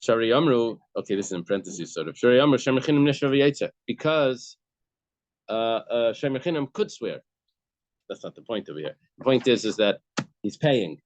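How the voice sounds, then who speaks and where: A man's voice: mid-range voice, lively intonation, brisk, dry recording. A man teaching a Talmud class, explaining each case step by step and repeating key phrases. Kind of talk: daf yomi class explanation. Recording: dull, dry lo-fi recording.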